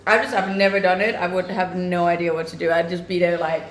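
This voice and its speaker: Fast and with hardly any pauses, a young woman talks in a level tone with a lowish voice. She is from Scandinavia, a native Scandinavian speaker with a Scandinavian-tinged mixed English accent, casually answering viewer comments on a live stream while laughing often and staying upbeat. The recording sounds roomy and echoing.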